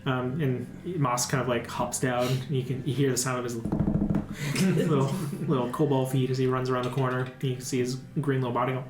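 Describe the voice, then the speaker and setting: A woman's voice: a bass voice, fairly even intonation, normal speed, noisy background. A woman narrating as game master of a tabletop game, casual with many fillers. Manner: casual, lots of ums and likes. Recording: echoey room with faint music.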